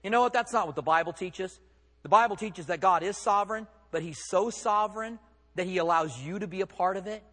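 A man's voice: high-pitched, brisk, bright, forceful tone, long reverb tail. A man preaching a sermon as pastor, conversational and emphatic, with rhetorical questions.

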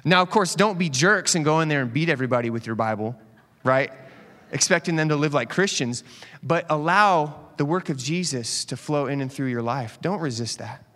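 A man preaching a casual, conversational sermon as a pastor, animated and quick to joke with the congregation. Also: on the high side. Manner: animated, joking asides to the congregation. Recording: long hall reverb.

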